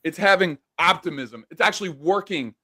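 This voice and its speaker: Taunting, profane high-voiced man. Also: lively intonation, brisk, bright, forceful tone, slightly rough. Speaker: professional wrestler. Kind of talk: in-character wrestling trash talk.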